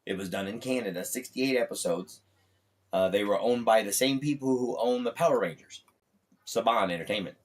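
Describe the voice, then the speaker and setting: A man's voice: on the low side, brisk, far from the mic. A man, a guest comedian and voice actor, telling profane anecdotes in casual podcast talk. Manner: animated anecdote-teller, profane.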